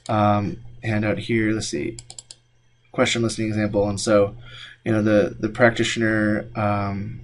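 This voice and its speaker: A man giving a classroom lecture, talking loosely with many fillers and restarts. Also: fairly low pitch. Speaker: instructor.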